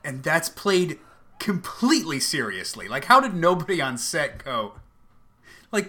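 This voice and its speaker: Bright-voiced man co-host, excitable and swearing, lots of laughs. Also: on the high side, unhurried. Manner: animated, profane, laughs often. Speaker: podcast co-host. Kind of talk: casual comedic chat.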